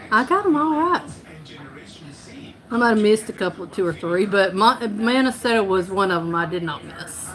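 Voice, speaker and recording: A woman's voice: mid-range voice, lively intonation, normal speed, a bit bright. Chatty woman, laughing often. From North Carolina. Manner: rambling, laughs often, self-correcting. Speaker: livestream host. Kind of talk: casual live-stream chat.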